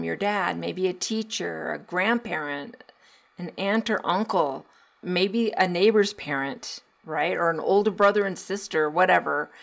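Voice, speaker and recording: A woman's voice: fairly low pitch, gravelly. A middle-aged woman hosting a casual solo podcast as a parenting coach, chatty and encouraging, with sarcastic asides.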